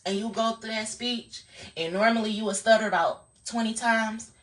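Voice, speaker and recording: A woman's voice: fairly high pitch, steady tone, moderate pace, far from the mic. A woman streaming live, giving a blunt, profane motivational talk in a casual, preachy way.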